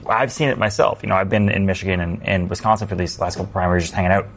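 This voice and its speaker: A man's voice: sits low, steady tone, very fast, a little hiss or hum. A man on a political panel talking in a wry, joking way. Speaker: satirical commentator. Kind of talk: panel discussion.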